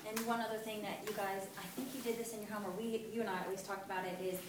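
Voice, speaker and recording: A woman's voice: medium pitch, level tone, very fast. A woman chatting casually, bringing up family memories. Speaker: family member joining the talk. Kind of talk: casual conversation. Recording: very echoey room from a distance with noise.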